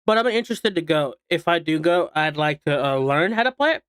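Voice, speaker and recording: A man's voice: on the high side, lively intonation, fairly quick, fairly bright tone, smooth, no room sound, clean studio sound. A man streaming and chatting casually while eating, rambling with lots of fillers and restarts. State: hiccuping.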